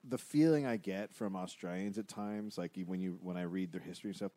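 Low-voiced comedian man, dry quips. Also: warm tone. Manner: quick agreeing replies and dry one-liners. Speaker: podcast co-host, comedian. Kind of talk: casual comedic chat.

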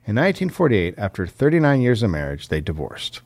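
Deadpan man telling a story. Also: lowish voice, fairly quick. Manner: deadpan, understated delivery of absurd facts. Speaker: podcast co-host telling the story. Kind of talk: casual comedic history storytelling.

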